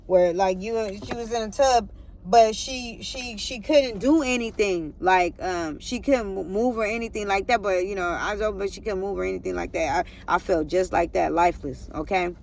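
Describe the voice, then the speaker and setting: A woman's voice: mid-range voice, normal speed, creaky, a little mellow, a little hiss or hum. A woman vlogger telling a personal testimony in a rambling way, repeating herself and talking straight to her viewers.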